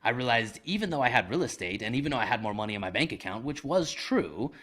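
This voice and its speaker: A man speaking as an interview guest, recounting his own missteps with candid, self-deprecating humor. His delivery is lively and conversational, peppered with casual slang, at a middle pitch for a man. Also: quick pace. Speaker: guest, real estate investor. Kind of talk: conversational storytelling.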